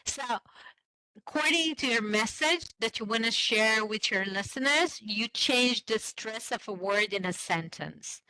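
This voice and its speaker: Slow, bright-voiced woman teacher trainer. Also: on the high side, lively intonation, no echo, poor audio. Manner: slow, explanatory, asks the class questions. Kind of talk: online teacher-training lesson.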